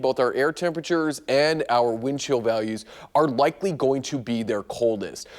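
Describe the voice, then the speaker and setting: A man's voice: medium pitch, a little mellow. A man presenting the TV weather forecast, explaining the maps in a conversational way.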